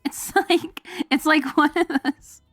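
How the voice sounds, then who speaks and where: A woman's voice: high voice, slow, a bit bright, no echo. Rambling, giggly streamer woman, dry sound. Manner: rambling, filler-heavy, giggly, jumps into goofy quoted voices. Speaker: VTuber streamer. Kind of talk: casual chat to stream viewers. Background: faint background music.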